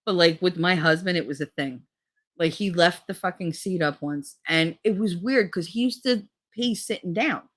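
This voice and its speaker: A middle-aged woman with a somewhat low voice, chatting casually on her stream. She rambles through crude stories and swears freely. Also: moderate pace. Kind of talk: casual chat.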